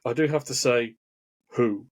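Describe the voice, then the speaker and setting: A man's voice: medium pitch, unhurried. A man co-hosting a casual chat, answering with dry, brief quips. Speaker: co-host.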